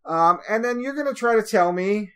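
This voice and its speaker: A man's voice: high-pitched, lively intonation, moderate pace, sharp tone, clear, resonant tone. A man hosts a podcast in a loose, chatty style. He rambles through his stories, leaning on plenty of ums and uhs as he goes. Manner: rambling, chatty storytelling with frequent fillers. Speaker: podcast host. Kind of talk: casual podcast chat.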